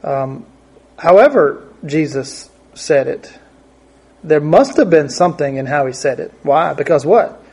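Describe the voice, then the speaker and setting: A man's voice: a little high, expressive, unhurried, a little mellow, breathy edge. A man preaching a conversational Bible teaching, thinking aloud and often repeating his words.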